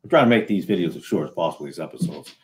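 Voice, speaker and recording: A man from New England talks through his own video in a loose, sarcastic ramble, full of ums and false starts. His voice sits a little low, and the talk stays casual and unscripted. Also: very animated, rapid-fire. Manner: sarcastic, rambling with fillers and restarts. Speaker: video host. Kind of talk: casual solo commentary.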